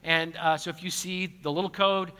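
A man's voice: a little high, fairly even intonation, normal speed, sharp tone, clean tone. A man, a pastor, answering congregation questions in a church auditorium in a conversational way, often repeating words and joking at his own expense. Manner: conversational, repeats words, self-deprecating humor. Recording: long hall reverb.

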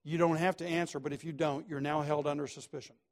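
A male pastor preaching a sermon, emphatic and repetitive, swinging between quiet asides and loud stresses. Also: a little high, little pitch movement, fast talker.

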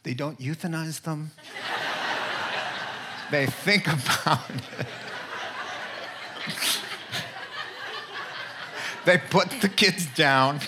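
A man preaching a sermon, telling an everyday story with lively swings between loud and soft delivery. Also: unhurried, noisy background. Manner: animated storytelling with wide pitch swings; drops to soft, quiet delivery for emphasis. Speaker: pastor.

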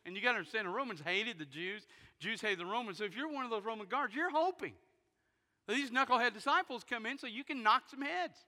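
A man preaching a sermon, retelling a story dramatically and swinging from loud bursts to hushed near-whispers. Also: high voice, quick pace, few pauses. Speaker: pastor. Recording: long hall reverb in a big sanctuary.

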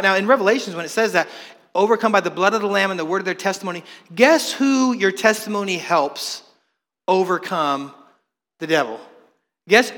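A man preaching a sermon as pastor to his congregation in church, animated and joking with the people in the room. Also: high-pitched. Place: church hall. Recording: long reverb of a church hall.

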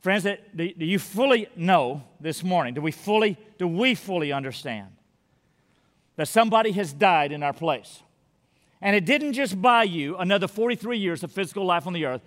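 A male pastor preaching a sermon, telling a story and growing quiet and intimate toward the closing prayer. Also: high-pitched, expressive, moderate pace. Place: church sanctuary. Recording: long reverb of a large hall.

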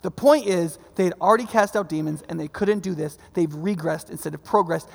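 A man with a high-sitting voice preaches in a large hall. He's a pastor giving a conversational sermon, often checking in with the congregation and tossing in frequent "right?" asides.

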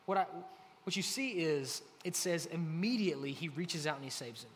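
A man preaching a relaxed, conversational sermon, often filling pauses with "like". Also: on the high side. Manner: conversational, heavy use of "like". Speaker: pastor. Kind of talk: casual sermon. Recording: faint hall reverb, light noise.

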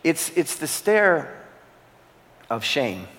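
Male pastor, earnest sermon delivery with repeated phrases and weighty pauses, recorded with a long reverberant hall tail. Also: fairly high pitch, sing-song, fairly bright tone.

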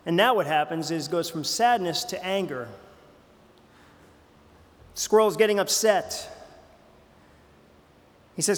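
A man preaching in a loose, conversational way, stumbling over fillers and restarting his sentences as he goes. His voice sits a bit high for a man. It rings out with a long reverb across a large church sanctuary. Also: takes it slowly, long pauses. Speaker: pastor. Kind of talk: sermon.

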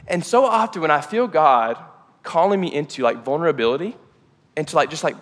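A man preaching a sermon in a church hall, casual and energetic, with lots of "like" fillers. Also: a little high. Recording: long hall reverb.

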